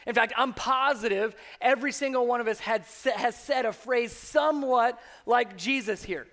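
A man's voice: extremely high pitch, moderate pace. A man, a pastor, preaching a sermon and acting out the voices he quotes. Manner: animated, acts out quoted voices.

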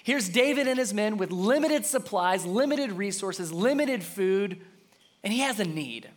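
A man's voice: high-pitched, lively intonation, unhurried. A man preaching a sermon, emphatic, repeating a refrain and having listeners say it with him. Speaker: pastor.

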